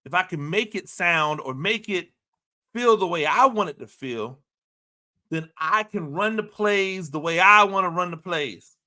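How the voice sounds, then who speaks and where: A man's voice: sits high, bright, forceful tone. A man giving opinionated sports commentary, talking emphatically and repeating himself with rhetorical questions.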